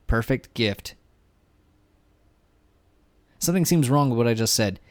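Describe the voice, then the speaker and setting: A man's voice: medium pitch, moderate pace, long pauses, darkish tone, no echo, studio quality. A man streaming a game, giving casual, rambling commentary full of jokes and swearing. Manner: joking, profane, rambling.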